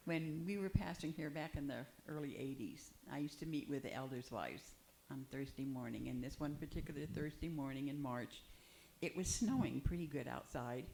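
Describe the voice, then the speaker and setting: An older woman, a pastor's wife, telling a story in a lively way and acting out the lines of the people in it. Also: rumbling low, normal speed, vocal fry, slight background noise, poor audio. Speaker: pastor's wife, panel guest. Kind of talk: recounting an anecdote.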